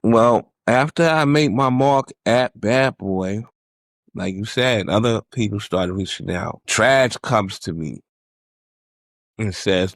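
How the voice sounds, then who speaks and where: A man from New York, a music producer guest, calmly recalling stories in a casual interview. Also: lowish voice, slow pace, no room sound, studio quality. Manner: laid-back, reflective recollection.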